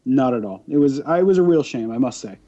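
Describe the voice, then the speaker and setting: A man co-hosting a podcast in casual chat, talking in an animated, ranting way and slipping into mocking impressions. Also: medium pitch, quick pace, highs cut off. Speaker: podcast co-host.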